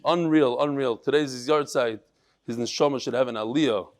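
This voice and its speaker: A man teaching a daily Talmud class, talking in an animated, exclaiming way. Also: medium pitch, normal speed. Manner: animated, exclaiming, mixes Yiddish and Hebrew words. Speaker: daf yomi teacher. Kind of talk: lively Torah class talk.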